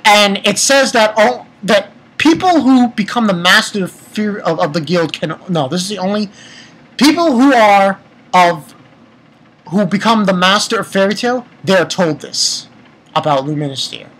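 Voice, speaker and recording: A man's voice: sits high, animated, normal speed, a bit bright, slightly rough, rough recording. A man giving a casual, rambling chapter review, retelling scenes and swearing offhandedly. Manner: reads character lines aloud in summary. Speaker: manga reviewer.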